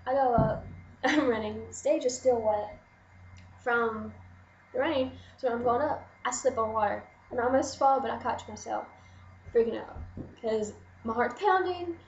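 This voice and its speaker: A young adult woman vlogger telling a story in an excited, rambling way, full of "like". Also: fairly high pitch, measured pace, roomy sound, muffled recording, a little hiss or hum. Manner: excited, rambling, gushing, lots of "like". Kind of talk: casual storytelling to camera.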